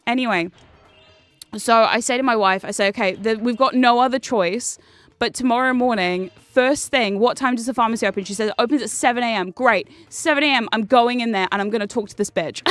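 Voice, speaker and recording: A woman's voice: on the high side, dry recording. A young woman, telling a story casually and animatedly while she streams a game, with some swearing. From New Zealand. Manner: animated and swearing, with bursts of laughter.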